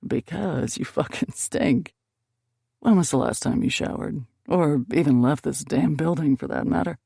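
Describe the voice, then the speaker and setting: A woman narrator plays a bossy, teasing young man in a romance audiobook. He talks slowly and playfully, a touch deeper than her normal voice, with a gravelly grain. The sound is close and dry. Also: warm tone, dry recording, exaggerated voice. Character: teasing, bossy young male best friend.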